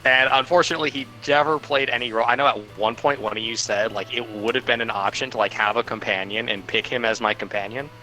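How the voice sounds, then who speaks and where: A young man chatting on a livestream, his voice bright and forward. He rambles along with lots of "like" and "um," at an ordinary middle pitch. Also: fairly even intonation, fast talker, few pauses, soft background music, rough recording. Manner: rambling, full of "like" and "um". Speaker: game player. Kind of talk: casual livestream chat.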